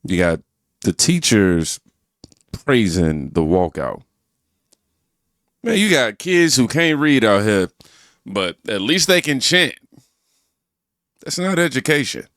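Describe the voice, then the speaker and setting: A man's voice: fairly low pitch, very animated, slow, long pauses, fairly bright tone, no echo, studio quality. A man hosting a reaction channel, giving emphatic, preachy commentary on clips and calling his viewers y'all.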